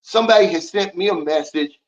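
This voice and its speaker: Over dull audio, a high-pitched man talks fairly quickly while hosting a casual livestream. He reads out viewer comments and responds to them bluntly, in a preachy tone.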